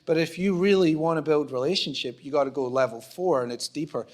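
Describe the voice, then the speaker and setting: A man's voice: on the high side, fairly quick. A pastor from Scotland with a Scottish accent, preaching in a conversational way, acting out little exchanges and joking at his own expense. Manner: conversational, acts out small dialogues, self-deprecating humour. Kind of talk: sermon. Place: church auditorium.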